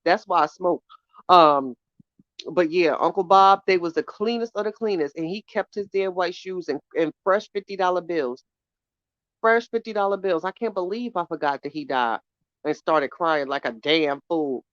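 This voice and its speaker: A woman's voice: fairly low pitch, normal speed, no echo. Blunt, profane woman podcast host. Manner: blunt, profane, gossipy storyteller. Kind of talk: casual chat reacting to live chat. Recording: dull lo-fi dry sound.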